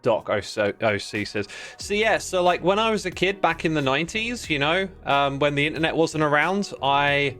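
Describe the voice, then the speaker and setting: A man's voice: on the high side, expressive, moderate pace, few pauses, sharp tone, soft background music. A man in his thirties chatting casually on a game livestream, easygoing and rambling, reading out viewer names and messages. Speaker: livestreaming gamer.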